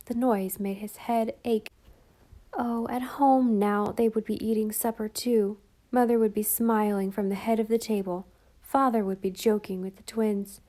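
A woman narrating a storybook in a calm, even way. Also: medium pitch, a little slow. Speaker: audiobook narrator.

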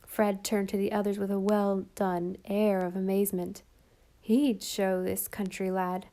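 A woman narrating a storybook in a calm, even way. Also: mid-range voice, measured pace. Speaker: audiobook narrator.

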